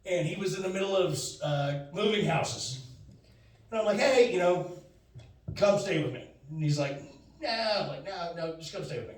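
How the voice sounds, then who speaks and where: A man's voice: a little high, moderate pace, darkish tone. A man telling a stand-up story, rambling and acting out his friend's lines. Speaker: stand-up comedian. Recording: echoey room from far off.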